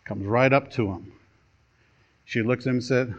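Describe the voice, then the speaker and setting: A man pastor preaching a sermon, telling a story with dramatic pauses and a storytelling delivery. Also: mid-range voice, steady tone. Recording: dull lo-fi sermon recording.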